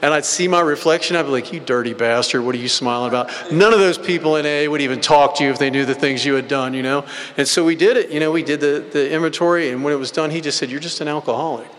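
A man's voice: on the high side, fairly even intonation, quick pace, a bit bright. A man giving a personal recovery testimony at a meeting, telling stories in a blunt, rambling, casual way full of filler words. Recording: hall with long reverb.

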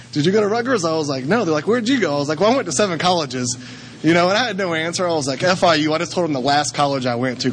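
A man's voice: fairly high pitch, slight background noise, poor audio. A young man telling his own story of drinking and its consequences, rambling and self-deprecating, often acting out what others said. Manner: rambling, self-deprecating, acts out quoted voices. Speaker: recovering alcoholic sharing his story. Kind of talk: candid personal testimony.

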